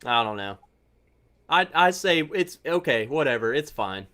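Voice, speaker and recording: A man hosts a casual livestream chat in a mid-range, animated voice that sounds pushed and bright, keeping a measured pace. He laughs often and stumbles over his opening words, repeating them as he starts.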